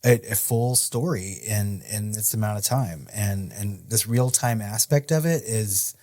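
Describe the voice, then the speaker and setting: A man's voice: on the low side, a little slow, a little mellow. A man co-hosting a horror film podcast. He talks casually and often checks in with "right?". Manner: conversational, often ends a point with "right?". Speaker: podcast co-host. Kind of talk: casual chat.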